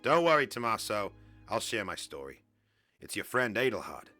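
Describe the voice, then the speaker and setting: A man's voice: fairly low pitch, very animated, normal speed, bright, forceful tone, soft background music. A man voicing a small, wary male alien informant who speaks in a grave, urgent way.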